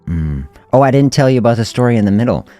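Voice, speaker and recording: A middle-aged man hosting a fasting health podcast, telling a story in a relaxed, reflective way and chuckling often during a casual livestream. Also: medium pitch, faint music behind.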